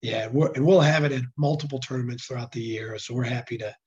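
Hoarse man talking earnestly. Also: medium pitch, fast, a little mellow. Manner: earnest, with frequent restarts and fillers. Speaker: nonprofit executive director. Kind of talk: casual interview talk. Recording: dull lo-fi sound.

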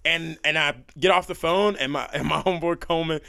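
A young man on a podcast, telling stories in a casual, animated way, laughing often and leaning on fillers. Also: on the high side, fairly quick, creaky, smooth, no echo, clean studio sound. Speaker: podcast guest. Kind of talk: casual storytelling chat.

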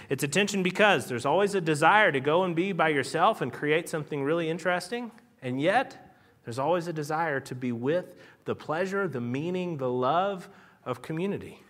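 A man's voice: on the high side, lively intonation, moderate pace, a bit bright. A man preaching a conversational sermon, explaining ideas with casual asides and building emphasis. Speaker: pastor.

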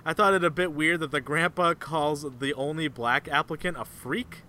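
A man co-hosting a podcast in casual chat, telling stories and reading off trivia with mock-serious deadpan before laughing. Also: fairly high pitch, moderate pace, a little hiss or hum. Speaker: podcast co-host.

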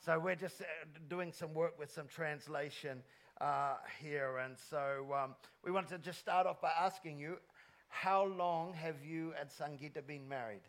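A man's voice: on the high side, unhurried, fairly bright tone. A man hosting an interview on a church stage as pastor, rallying the congregation enthusiastically into a handheld mic. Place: church auditorium. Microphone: handheld microphone.

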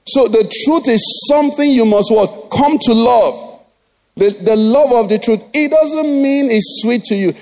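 Pastor preaching, high and mellow. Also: male voice. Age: middle-aged. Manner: call-and-response questions to the congregation. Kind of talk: sermon. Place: church.

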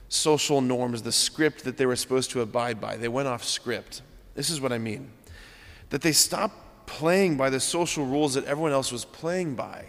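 A man's voice: medium pitch, long reverb tail. A man in his thirties, a priest giving an earnest, conversational homily and asking rhetorical questions. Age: 30s. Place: church.

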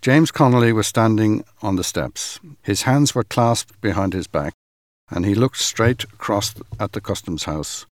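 A man giving a measured, dramatic reading of a first-person account. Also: lowish voice, no echo, studio quality.

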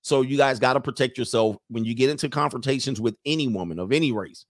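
A man hosts a reaction commentary show with emphatic, preachy delivery, repeating lines to drive his point home. His voice sits at a middling pitch, and the sound is close and dry. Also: fast talker, no room sound. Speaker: host.

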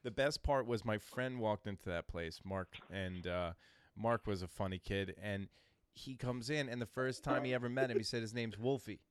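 A man in casual chat, telling rambling hometown stories with halting restarts. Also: lowish voice, smooth, dry recording.

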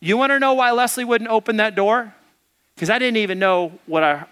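A man's voice: high-pitched, moderate pace, fairly bright tone, clear, resonant tone. A man preaching a conversational sermon, often asking the congregation questions and reading along with them. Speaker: pastor.

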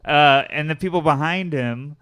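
A man's voice: on the high side, moderate pace, clean tone. A man telling a story in a casual chat, acting out what people said in raised voices. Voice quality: animated storyteller, acts out quotes in raised voices.

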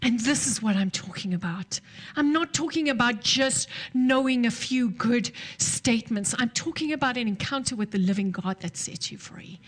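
A woman preaching a sermon, telling a story and dropping to soft near-whispers at tender moments. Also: a little high.

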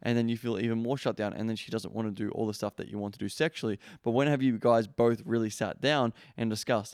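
A man's voice: fairly low pitch, steady tone, quick pace, few pauses, darkish tone, no room sound, studio quality. A male podcast host in a casual coaching monologue, blunt and emphatic, swearing freely and leaning on lots of "like" fillers.

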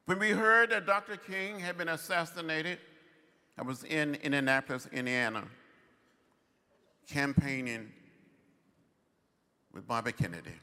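An older man giving a commencement address in measured, rhythmic oratory with long pauses. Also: fairly high pitch, bright, forceful tone, in a large hall. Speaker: commencement speaker. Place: large outdoor ceremony.

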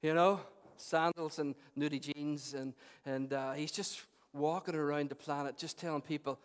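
A man preaching an animated, humorous sermon to a congregation, talking to people by name. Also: fairly high pitch, moderate pace, smooth.

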